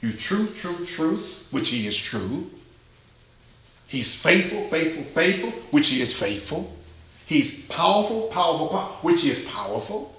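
A man preaching a sermon in a rhythmic, repetitive cadence, swinging from shouted exclamations to hushed near-whispers. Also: fairly high pitch, big pitch swings, measured pace. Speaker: pastor. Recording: echoey room.

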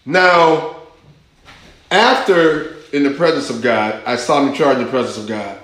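A man preaching a sermon, emphatic, rising to high urgent questions and dropping to low intense asides. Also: measured pace, fairly bright tone, very echoey, poor audio.

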